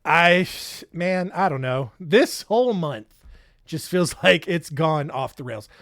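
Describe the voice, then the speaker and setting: A man's voice: fairly high pitch, expressive, takes it slowly, fairly bright tone. A man hosting a podcast, rambling through a casual solo recap in a sarcastic, self-mocking way. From United States. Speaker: podcast host.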